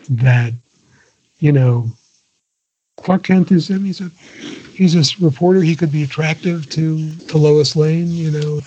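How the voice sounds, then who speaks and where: Older male guest, husky, rambling and chuckling, on a dull lo-fi recording. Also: fairly high pitch, darkish tone. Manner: digressive, many restarts, chuckling. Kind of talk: casual interview chat. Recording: dull lo-fi audio.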